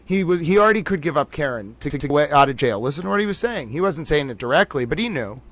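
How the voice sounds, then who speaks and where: A man's voice: a little high, animated, fast talker, fairly bright tone. A man hosting a livestream, thinking aloud, exclaiming and laughing as he reacts live to news. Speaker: livestream host. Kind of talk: excited live reaction commentary.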